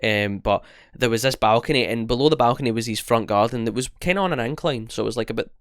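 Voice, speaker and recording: A man's voice: mid-range voice, fast, fairly bright tone, no echo, studio quality. A young Scottish man co-hosting a podcast, telling rambling stories with lots of swearing and restarts. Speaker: podcast co-host. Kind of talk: casual chat.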